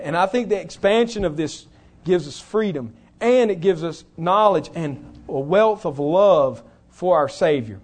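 High-voiced man preaching emphatically. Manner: emphatic, earnest preaching with slow stressed phrases. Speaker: pastor. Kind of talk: sermon. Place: church.

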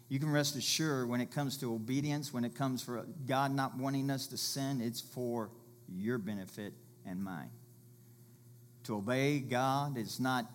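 A man's voice: mid-range voice, slight background noise. Male pastor, conversational sermon delivery, mid-range voice, bursts of volume. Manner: conversational preaching with illustrations, rises to loud calls.

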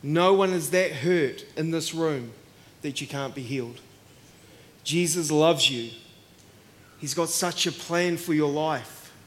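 An Australian man delivers a sermon, warm and casual, slipping into acted voices as he tells stories. His voice sits high for a man. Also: slow pace, long pauses. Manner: animated, acts out voices in anecdotes. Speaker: preacher. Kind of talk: sermon with storytelling.

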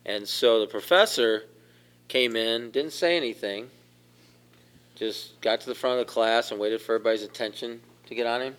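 Male pastor, bright tone, chatty sermon style with questions to the room. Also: medium pitch, moderate pace, clear, resonant tone. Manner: conversational, asks the congregation questions and laughs.

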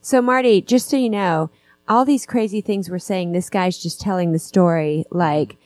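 Woman podcast host in a casual book discussion, chatty and animated, dry sound. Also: fairly low pitch, moderate pace, no room sound, low-quality recording.

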